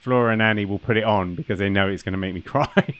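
Man, 30s, lower voice, joking podcast co-host. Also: fast, a bit bright, dry recording, lo-fi sound. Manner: jokey, asks playful questions. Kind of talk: casual chat.

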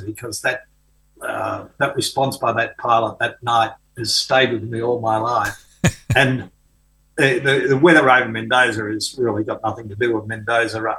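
Older man, interview guest, bright tone, chatty anecdote, hesitant with fillers and restarts. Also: fairly low pitch, poor audio. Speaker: author guest. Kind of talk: conversational storytelling.

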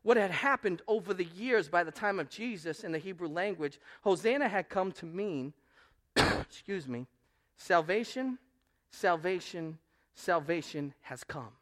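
A male pastor preaching a sermon, swinging between loud proclamation and quiet asides. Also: high-pitched, expressive, moderate pace.

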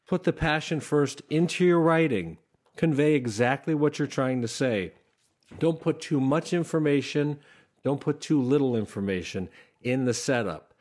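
A man coaching comedy writing in a conversational talk to camera, breaking into animated bursts and dry sarcastic asides when he demonstrates delivery. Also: medium pitch.

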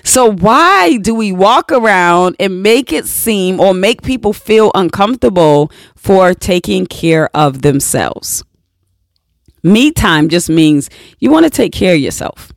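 An earnest motivational speaker talks slowly and deliberately, hammering home each point by saying it twice. The sound is dry and close, with no room around the voice. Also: mid-range voice, no echo. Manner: earnest and emphatic, repeats key points; mocks quoted excuses with a flat "what?". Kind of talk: motivational talk to camera.

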